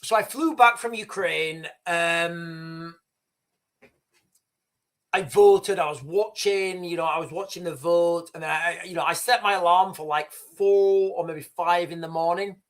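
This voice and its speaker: A man's voice: on the high side, unhurried. A man holds forth on his livestream in a heated, emphatic rant. He swears freely and trips over his words, restarting and repeating himself as he pushes his point. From United Kingdom. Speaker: livestream host. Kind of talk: impassioned political livestream rant.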